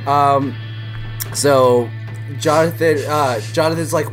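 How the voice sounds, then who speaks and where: A young man casually recapping a film on a podcast, animated and laughing as he tells the story. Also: a little high, measured pace, soft background music.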